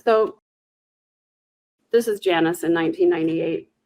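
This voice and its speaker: A woman's voice: fairly low pitch, measured pace, a little mellow. A woman hosting a conversational interview, talking candidly and reflectively with a wry edge. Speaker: host.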